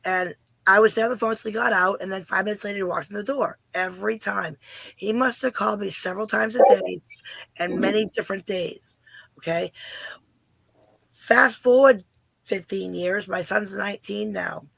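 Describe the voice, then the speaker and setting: Hoarse middle-aged woman, gravelly, dry close sound; earnest caller telling a story. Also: medium pitch, normal speed, a bit bright, no room sound. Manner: earnest, questioning. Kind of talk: casual storytelling.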